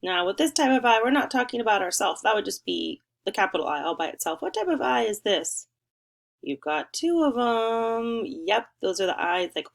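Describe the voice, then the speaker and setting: A young woman teacher leading a remote spelling lesson for first graders, encouraging and sing-song, stretching words out slowly. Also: mid-range voice, creaky.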